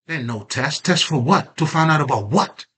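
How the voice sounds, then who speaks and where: A man's voice: a little high, expressive, moderate pace, fairly bright tone, breathy edge. A man giving a casual, emphatic spoken monologue on personal growth, full of swearing and rhetorical questions. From Haitian background. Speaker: self-growth vlogger.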